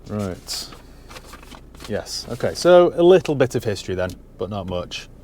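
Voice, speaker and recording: A man's voice: fairly low pitch, very animated, unhurried, darkish tone, a little hiss or hum. A man giving a casual, dry-humoured walkaround of a used car he has bought, talking from inside the parked car on a cold day. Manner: dry, wry asides.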